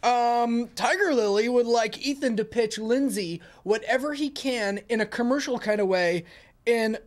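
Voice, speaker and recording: A man's voice: very high voice, normal speed. A young man co-hosting a web show, chatting directly to viewers as he reads out their challenges. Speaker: co-host reading viewer challenges.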